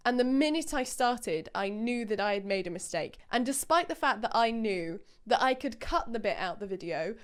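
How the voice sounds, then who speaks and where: A woman's voice: on the high side, animated, moderate pace, few pauses, roomy sound. A woman in her twenties, vlogging casually and mocking herself with frequent laughs. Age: 20s. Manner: chatty, self-mocking, laughs often. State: out of breath while exercising. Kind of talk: casual vlog commentary. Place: home room during a workout.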